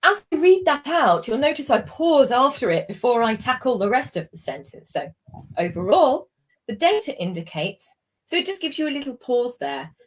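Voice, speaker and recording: A woman's voice: high-pitched, sing-song, a little fast, hardly any pauses. A woman with a British accent teaching exam writing in a live session, patient and explaining with examples, with frequent ums. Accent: British English. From Britain. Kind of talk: live online tutoring session.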